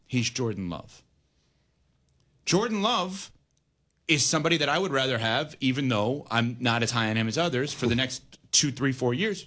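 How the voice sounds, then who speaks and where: A man's voice: medium pitch, fairly bright tone. A man hosting a sports talk radio show, arguing his points emphatically and weighing both sides.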